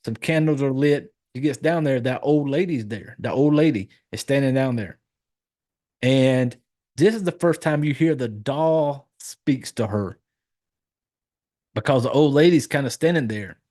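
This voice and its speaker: With a darkish, mid-range voice and an unhurried delivery, this horror podcast host rambles through a movie recap. He swears freely, leans on fillers, and corrects himself as he goes.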